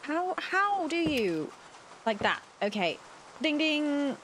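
A woman's voice: high voice, very animated, slow, noisy background. A woman hosting a let's play, chatting flustered and apologetic to the game's characters as she plays. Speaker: gaming channel host.

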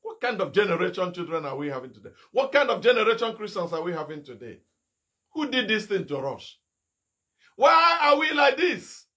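A fiery male evangelist from Nigeria preaching a sermon in a high, ringing voice. He is bright and piercing in tone, firing off rhetorical questions and sudden shouted rebukes. A middle-aged preacher who swings between scolding and exhortation. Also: very animated, fairly quick.

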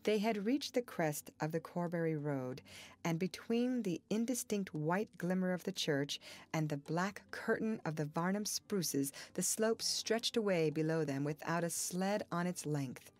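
A woman reads a classic novel aloud in a somewhat low voice. Her narration is measured and even, the steady pace of a scripted audiobook.

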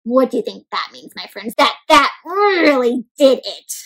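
Casting: woman storyteller with a high voice, animated read-aloud for kids, full of gasps and questions to the children. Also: normal speed, rough recording. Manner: expressive, often gasps, asks kids questions.

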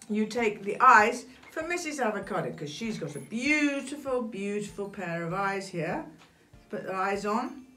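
An Englishwoman in her sixties with a British accent, hosting a children's craft story time in an animated, sing-song way while speaking directly to the kids. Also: mid-range voice. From England. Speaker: children's show host.

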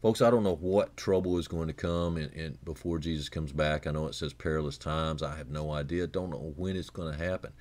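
This radio preacher talks fairly quickly with hardly any pauses. His earnest, conversational style is full of restarts and repeated words, and he lifts his pitch for emphasis before going low and hushed.

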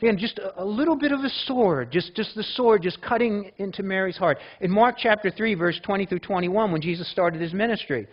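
A man preaches to a church congregation, his voice sitting high for a man. He talks in a loose, conversational way, restarting phrases and asking the listeners questions. The recording is dull and lo-fi. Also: fairly quick, hardly any pauses. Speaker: pastor. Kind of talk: sermon.

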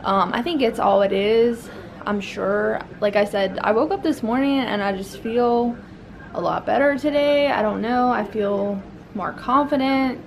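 A woman's voice: fairly high pitch, measured pace, gravelly, slight background noise. A young woman, a new mother, chatting casually to her vlog camera, rambling with many fillers.

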